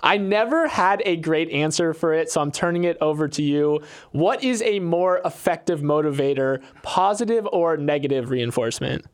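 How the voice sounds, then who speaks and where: A man with a fairly high voice, co-hosting a podcast interview. He asks his questions playfully and jokes along the way. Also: animated, normal speed, few pauses, clean tone. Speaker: podcast co-host.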